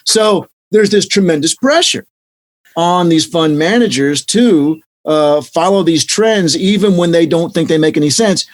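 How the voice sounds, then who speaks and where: Animated man in his fifties. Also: high voice, normal speed. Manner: animated storyteller, restarts and fillers, acts out quotes. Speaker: economics professor. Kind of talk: interview answers with anecdotes.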